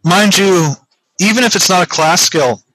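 A man's voice: high voice, normal speed, fairly bright tone, poor audio. A man from Canada chatting as a player on a video call, explaining things with hesitant fillers. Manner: hesitant, informative, many fillers. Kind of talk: casual chat.

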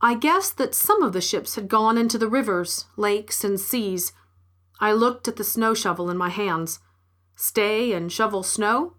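A woman narrating a short story in a measured, clear reading. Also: medium pitch, lively intonation, fairly bright tone. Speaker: story reader.

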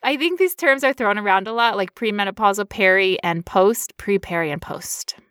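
A woman in her thirties co-hosts a podcast in a relaxed, chatty way. She sounds tired but stays playful and jokey. Her pitch sits in a middle range, and the recording is very dry and close. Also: normal speed, clean tone, dry recording. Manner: jokey, playful, breaks into laughter. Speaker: podcast co-host. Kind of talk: casual podcast chat.

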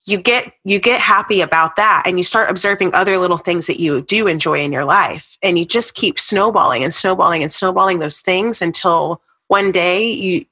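Woman fitness coach, motivational, lower pitch with a bright, husky edge. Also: normal speed, few pauses. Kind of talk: casual interview chat.

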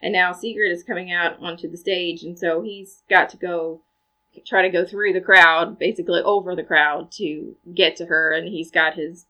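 A woman co-hosting a casual podcast, retelling a film's plot in a chatty, animated way with side comments. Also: fairly low pitch, normal speed, low-quality recording. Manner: chatty, animated storytelling with asides. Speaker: podcast co-host recapping a film. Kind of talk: casual chat.

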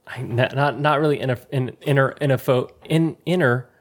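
A man's voice: mid-range voice, moderate pace. A man co-hosting a podcast, chatting casually and wandering off on tangents, often restarting his sentences. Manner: chatty, tangential, self-interrupting. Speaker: podcast co-host. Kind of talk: casual chat.

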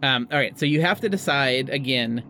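Halting game master narrating. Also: mid-range voice, animated, pushed and bright, slight background noise. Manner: halting, many restarts and fillers.

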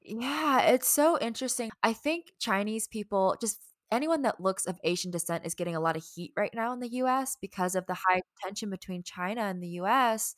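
A young woman with a Southern American drawl talks in an animated, chatty way, full of quick asides and laughter. Her voice is recorded close and dry, with no room sound. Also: mid-range voice, no echo. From Southern United States. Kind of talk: casual conversation.

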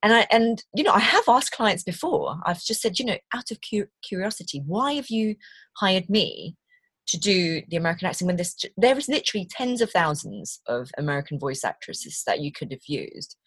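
Husky-voiced British woman telling stories. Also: medium pitch, brisk, no room sound. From Britain. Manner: chatty, animated storytelling with quoted voices. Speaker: voice actor guest. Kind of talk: conversational interview.

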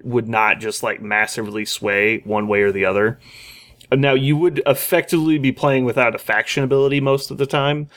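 A man co-hosting a tabletop gaming podcast, chatting casually and laughing often. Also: mid-range voice. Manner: laughs often, animated storytelling. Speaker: podcast co-host.

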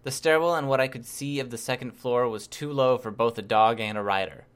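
A man narrating a first-person novel chapter in a steady, measured reading voice. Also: medium pitch, smooth. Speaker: audiobook reader.

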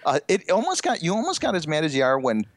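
A man's voice: on the high side, wildly swooping pitch, fast talker, no room sound. A man co-hosting a podcast in casual chat, often agreeing with his partner. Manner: agreeable, says right a lot. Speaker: podcast co-host.

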